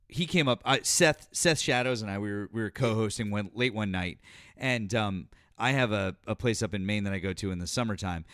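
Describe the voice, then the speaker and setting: A man's voice: fairly low pitch, a bit bright, clear, resonant tone, dry recording, clean studio sound. A man hosting a casual political chat show, telling stories in a rambling way with many restarts. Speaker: podcast host.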